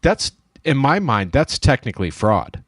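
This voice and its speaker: A man's voice: mid-range voice, big pitch swings, measured pace, no room sound, studio quality. A man who runs a dent repair shop, telling a story in casual shop talk and acting out the dialogue. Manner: storytelling, acts out quoted dialogue. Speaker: dent repair shop owner, show host.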